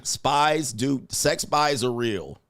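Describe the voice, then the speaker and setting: A man's voice: mid-range voice, expressive, takes it slowly, noisy background. A man hosting a casual commentary show, joking and laughing at his own lines as he rambles. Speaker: commentary show host and dating coach.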